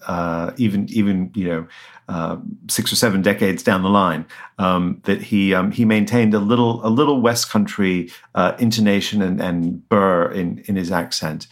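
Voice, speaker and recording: Low-voiced man, hesitant author guest. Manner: hesitant, many fillers and restarts. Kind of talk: conversational interview answers.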